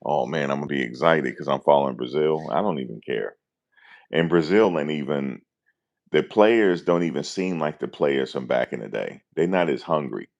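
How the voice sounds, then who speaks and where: A man, talking casually and deadpan to his viewers, musing and repeating himself in slangy speech. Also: a bass voice, normal speed, muffled recording. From New Jersey, USA. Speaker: vlogger. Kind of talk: casual rambling monologue.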